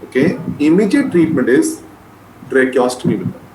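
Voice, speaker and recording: A man with an Indian English accent teaching medical students, dictating notes slowly and repeating each point, often calling them beta. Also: medium pitch, sing-song, warm tone. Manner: repetitive, addresses listeners as beta. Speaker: medical lecturer. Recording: echoey room with faint noise.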